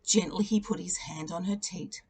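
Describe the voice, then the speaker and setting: A teacher reading a children's picture book aloud, telling the story expressively and leaning into its repeated refrains. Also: female voice, lowish voice, steady tone, normal speed, darkish tone, slightly rough.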